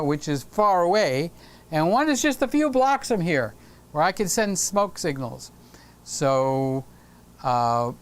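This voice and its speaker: A man's voice: fairly high pitch, smooth. Chatty, playful man hosting a live stream. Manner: chatty, playful, teasing viewers by name. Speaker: livestream host. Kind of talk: casual live-stream chat reading comments.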